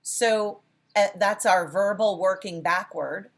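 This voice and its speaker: A woman's voice: mid-range voice, slow pace. A woman instructor leading a class, encouraging her students and often praising and restarting her sentences. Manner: self-correcting restarts. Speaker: college philosophy instructor. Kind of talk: interactive class lecture.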